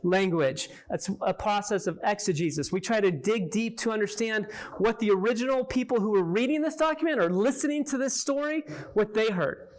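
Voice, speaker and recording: High-voiced man teaching conversationally. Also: fairly quick, hardly any pauses. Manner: conversational, peppers points with "right?" and questions to listeners. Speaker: Bible teacher. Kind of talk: interactive Bible teaching to a small group.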